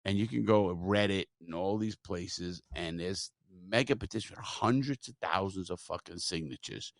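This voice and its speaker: A man hosting a podcast, telling stories in a profane, animated way and quoting others as he goes. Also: low-pitched, normal speed, no echo, clean studio sound. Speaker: podcast host. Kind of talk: casual storytelling chat.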